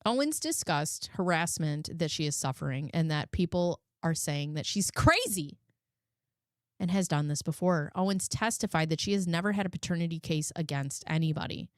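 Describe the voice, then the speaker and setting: A woman's voice: low voice, lively intonation, moderate pace, no room sound, studio quality. A woman hosting a live stream, reading out court records with sarcastic asides. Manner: sarcastic asides, laughs at her own jokes. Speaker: live commentary host.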